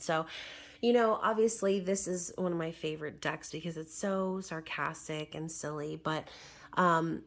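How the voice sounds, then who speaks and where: A hoarse woman, still recovering her voice, chatting through a casual tarot reading with wry asides. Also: lowish voice. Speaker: tarot reader.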